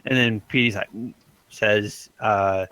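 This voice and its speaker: A man's voice: fairly low pitch, steady tone, slow pace, pushed and bright, smooth, no echo, rough recording. A man running a tabletop game as game master, loose and laughing, with lots of fillers.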